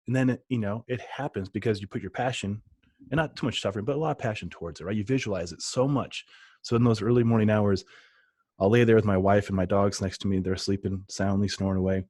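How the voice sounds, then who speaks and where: A man's voice: fairly low pitch, fast, a little mellow, no echo. A man hosting a podcast, chatting casually and enthusiastically in a rambling way. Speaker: podcast host.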